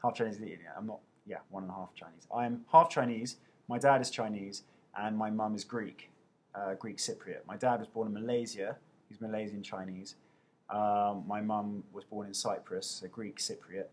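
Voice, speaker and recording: A man's voice: fairly low pitch, steady tone, moderate pace, slightly rough. A young man with an English accent, casually answering viewers' questions over a webcam, chatty and poking fun at himself. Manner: chatty, self-mocking, playful.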